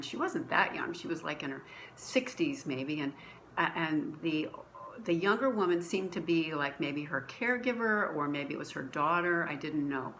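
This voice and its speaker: Woman, low voice, church testimony recorded at home, earnest, restarts often, faint hiss. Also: fairly bright tone, low-quality recording. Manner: earnest storytelling with many restarts. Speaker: church member sharing a testimony. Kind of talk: personal faith story, conversational. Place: at home, dining room.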